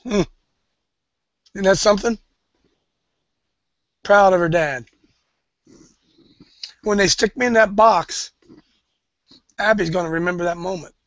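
A middle-aged male preacher with a gravelly, raspy edge to his high-set voice. He moves between rambling anecdote and fervent, shouted preaching. The sound is dry and dull, like a low-fidelity recording. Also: measured pace, long pauses, no echo. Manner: storytelling, rising to fervent shouts when preaching. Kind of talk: sermon.

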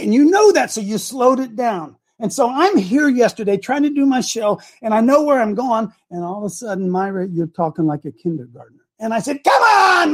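Rambling middle-aged male show host. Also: very high-pitched. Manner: rambling, repeats himself, sudden loud outbursts. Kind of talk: casual live-stream talk.

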